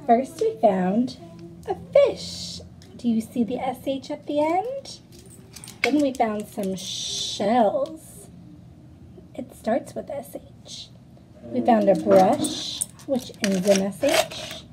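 Young female teacher, lively sing-song delivery, slow and clear, noisy home recording. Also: fairly high pitch. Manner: sing-song, encouraging, sounds out letters. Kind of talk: children's phonics lesson.

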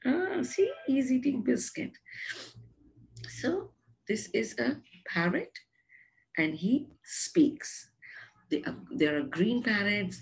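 A woman's voice: lowish voice, gravelly, husky. A woman teaching a science lesson to young children in a coaxing, sing-song way, often asking them questions. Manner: coaxing, gentle with the animals. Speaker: preschool teacher.

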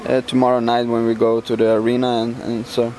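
Male fighter, mid pitch, halting casual interview answers, faint background hum. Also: monotone, darkish tone. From Sweden. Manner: halting, many fillers and restarts. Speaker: MMA fighter, champion.

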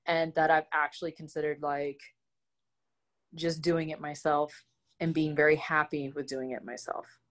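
A woman speaking as an interview guest in a casual conversation, candid and expressive as she tells personal stories. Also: deep voice, normal speed. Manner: candid and expressive, animated storytelling.

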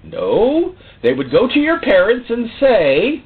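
A man's voice: on the high side, huge pitch swings, a little slow, hardly any pauses. A man preaching a sermon, theatrical, full of rhetorical questions. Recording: tinny phone-like sound.

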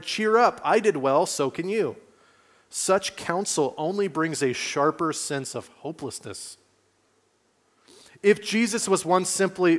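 A male pastor, giving a conversational sermon in a church and asking his listeners questions. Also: fairly high pitch. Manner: conversational preaching, asks the congregation questions. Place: church sanctuary.

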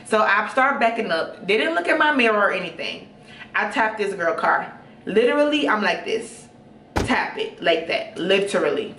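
A young woman telling a story casually, chatty and animated with lots of fillers. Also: mid-range voice, moderate pace, distant mic, a little hiss or hum. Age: young adult. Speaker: vlogger. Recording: roomy room, off-mic.

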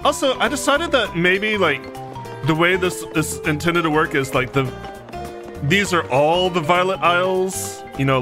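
A man from Texas giving casual, joking gameplay commentary with chatty, self-mocking asides. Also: mid-range voice. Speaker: let's play host.

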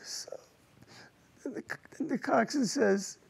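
Gravelly older veteran recalling war. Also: male voice, very high-pitched. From United States. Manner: emotional, halting recollection with repeated words. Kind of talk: personal war testimony.

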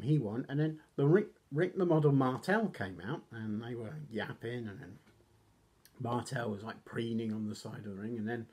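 Man, casual recap, husky voice, rambling, self-deprecating, coughs often. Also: medium pitch, darkish tone. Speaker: wrestling reviewer.

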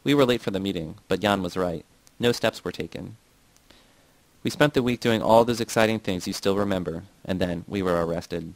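A man reading a novel aloud, in a plain, steady way with small shifts for the quoted speakers. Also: sits low, moderate pace, dry recording, low-quality recording. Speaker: audiobook reader.

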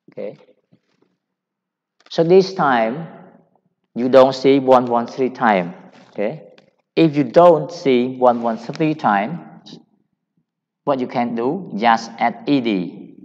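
A man with a Cambodian accent teaching English grammar, explaining slowly and repeating each point. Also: mid-range voice. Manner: slow, repetitive, deliberate explaining. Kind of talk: grammar lecture. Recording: dull sound in a long-reverb hall.

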